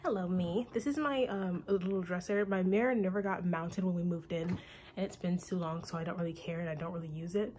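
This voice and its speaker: Young woman vlogger, breathless and chatty, warm lowish voice, faint bedroom hiss. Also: fairly even intonation, fairly quick. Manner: chatty, rambling with many ums. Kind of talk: casual room tour. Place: her bedroom, indoors.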